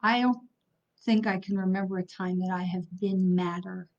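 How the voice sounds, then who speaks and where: A woman's voice: mid-range voice, fairly even intonation, moderate pace. A middle-aged woman hosting a livestream as a psychic medium, talking angrily and bluntly and swearing while she apologizes for it. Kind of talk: livestream talk to viewers. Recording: slightly dull lo-fi stream audio.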